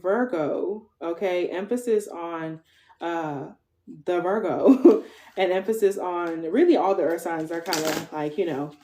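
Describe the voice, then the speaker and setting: A woman's voice: fairly low pitch, measured pace, warm tone, slight background noise. A woman in her twenties giving a casual tarot reading to viewers, chatty, swearing freely and tagging most lines with "okay?". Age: 20s. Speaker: tarot reader.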